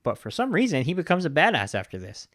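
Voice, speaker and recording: A man's voice: a little high, fast, dry recording, clean studio sound. A young man hosting a podcast, casually retelling a film's plot and acting out the characters' lines. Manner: animated retelling, acts out quoted lines. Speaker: podcast host. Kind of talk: casual film review monologue.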